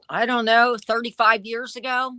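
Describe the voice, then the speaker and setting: Bright, lively woman storyteller. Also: a little high, no echo. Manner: lively storyteller who acts out quoted dialogue. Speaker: vintage dealer and online seller. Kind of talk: casual storytelling interview.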